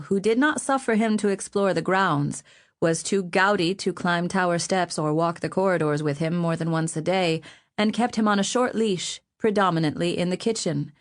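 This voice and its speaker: A woman reading an audiobook with measured, even storytelling narration. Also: on the low side. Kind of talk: scripted narration.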